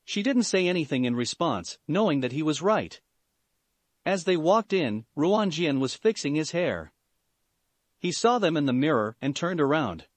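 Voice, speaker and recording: A man narrating a fan-fiction story in an expressive, animated reading. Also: on the high side, normal speed, no room sound.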